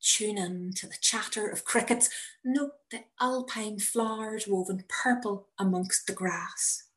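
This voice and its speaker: A woman reading her own personal story aloud in a measured, wry manner. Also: medium pitch, fairly even intonation, fairly bright tone. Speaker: narrator.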